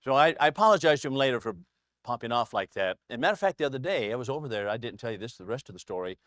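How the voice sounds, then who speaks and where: A man's voice: medium pitch, lively intonation, rapid-fire, a bit bright, dry recording. A man teaching a casual Bible class to a small group in a church classroom, chatty and anecdotal, chuckling often.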